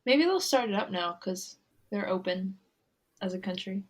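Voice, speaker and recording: A woman's voice: medium pitch, expressive, moderate pace. Young woman podcast cohost, laughs a lot, loose casual chat. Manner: giggly, chatty, frequent laughter. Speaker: podcast co-host.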